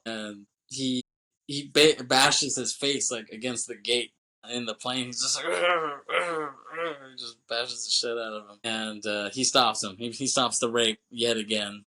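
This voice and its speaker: A man's voice: mid-range voice, sharp tone, rough recording. A man co-hosting a movie podcast, casually retelling a film's plot with lots of profanity and acted-out lines. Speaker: podcast co-host.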